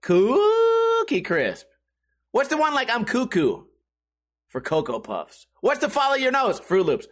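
Young man, podcast host, casual rambling, profane, self-amused, high voice. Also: wildly swooping pitch, a little slow. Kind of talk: solo casual podcast rant.

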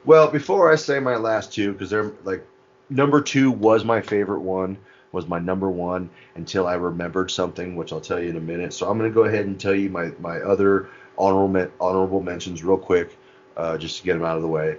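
A man's voice: sits low, fairly even intonation, dull audio, a little hiss or hum. A man in casual podcast chat who swears, laughs a lot and recounts scenes. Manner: laughing, profane, retells scenes by doing quick voices.

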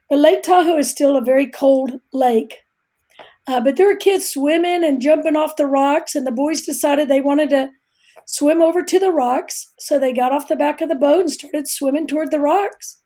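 A woman's voice: high-pitched, moderate pace, dark tone. A middle-aged woman earnestly telling a vivid personal story as a guest on a faith talk show.

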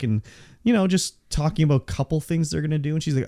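A man's voice: on the high side, quick pace, darkish tone. A man co-hosting a podcast, laid-back and swearing casually as he tells stories. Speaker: podcast co-host. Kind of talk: casual chat.

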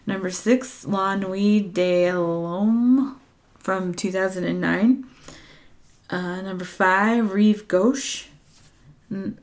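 A woman's voice: mid-range voice, darkish tone. A woman chatting casually as she reads out a ranked list, often unsure and stumbling on names, with small asides. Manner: hesitant, unsure pronunciations, trailing asides.

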